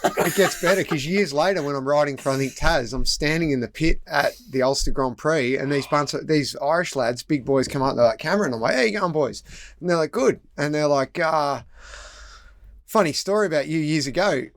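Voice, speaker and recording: A middle-aged Australian man, a retired road racer, telling lively stories as a podcast guest and acting out the voices in them. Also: on the high side, brisk, dry recording. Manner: animated, laughing, acts out voices in his stories. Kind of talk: casual storytelling. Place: outdoors in a busy race paddock.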